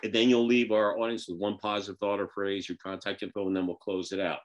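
Lowish voiced guy hosting a zoom show, rambly and folksy, lots of uh and you know. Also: little pitch movement, quick pace, highs cut off. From Northeastern United States. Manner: rambling, filler-heavy, folksy. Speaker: podcast host. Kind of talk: casual video call interview. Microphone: video call.

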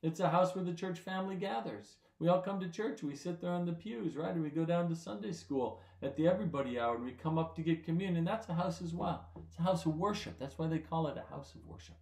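Gentle pastor talking to children. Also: male voice, a little high, quick pace, vocal fry, hardly any pauses, roomy sound. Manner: gentle, simple words for children, often checks with "right?". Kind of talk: children's sermon.

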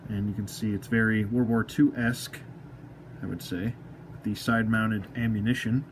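A man's voice: on the low side, fairly even intonation, moderate pace, a little hiss or hum. A man reviewing an action figure as he unboxes it, rambling and self-mocking, talking to the toy as he works.

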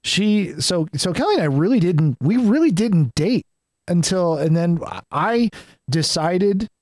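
Rambling, swearing man, slightly high voice. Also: big pitch swings, measured pace, a little mellow, no echo. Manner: rambling storyteller, swears freely, restarts often. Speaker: podcast guest. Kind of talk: casual conversation.

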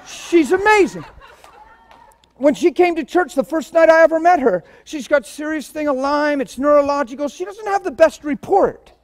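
A man preaching a sermon in a church, telling stories in an animated way and swinging from quiet talk to loud bursts. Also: very high voice.

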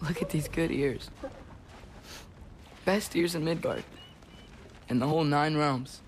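Teenage boy game character, earnest, unhurried, gentle, slightly high voice, faint ambience behind. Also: slight background noise. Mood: tender. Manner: gentle, soothing, playful with animals. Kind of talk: video game dialogue.

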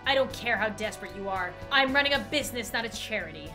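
A woman's voice: medium pitch, expressive, fast, music in the background, voice pushed down, natural voice. A woman voicing a harsh, belittling male office boss in a game she reads aloud. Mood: contemptuous. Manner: cold, belittling, barking. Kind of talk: game dialogue read aloud.

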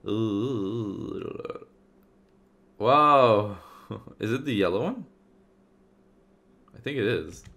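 A man's voice: on the low side, animated, very slow, pauses often, a bit bright. A man giving casual let's-play commentary as a gaming YouTuber, chatty and rambling as he plays. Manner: rambling, chatty, many fillers and restarts.

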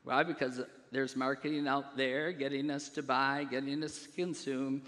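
Male pastor, bright and raised in pitch, preaching in a church with a long hall reverb. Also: little pitch movement, normal speed. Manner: preaching with call-and-response questions to the congregation; swells louder on key phrases. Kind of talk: sermon. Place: church sanctuary.

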